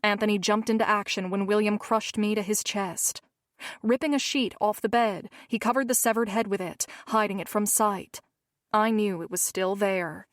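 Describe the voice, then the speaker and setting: A woman narrating a first-person romance novel at a measured pace. Her voice sits at a middle pitch. The recording is dry and close. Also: fairly even intonation, no room sound. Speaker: audiobook narrator.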